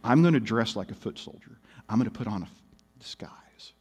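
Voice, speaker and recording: A man voicing a sly, scheming king who gloats over his plan, speaking low and quietly in a reverberant hall. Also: lively intonation, quick pace, breathy edge. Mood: smug scheming.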